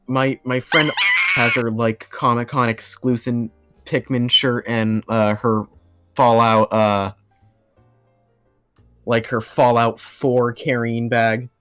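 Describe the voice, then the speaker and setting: A man's voice: mid-range voice, level tone, takes it slowly, a bit bright, clear, resonant tone, soft background music. A young man telling a long story on a podcast in casual chat, rambling with lots of fillers and laughing as he goes. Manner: rambling, laughing, acts out quoted voices. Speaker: podcast guest.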